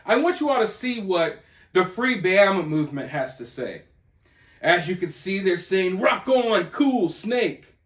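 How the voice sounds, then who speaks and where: A man's voice: high-pitched, lively intonation, a little slow, a bit bright. A man hosting a commentary video, ranting in a sarcastic, mocking way. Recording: roomy echo.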